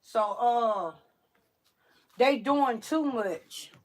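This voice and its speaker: A woman's voice: on the high side, very slow. A woman hosting a casual livestream card reading, chatting loosely and repeating herself to her viewers. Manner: chatty, repetitive, addresses viewers as y'all. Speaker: psychic card reader host.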